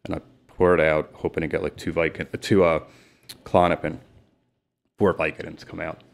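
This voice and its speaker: Deep gravelly man telling his story. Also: little pitch movement. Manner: emphatic, retells dialogue in rapid bursts. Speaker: guest, sports and celebrity agent. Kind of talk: candid storytelling interview.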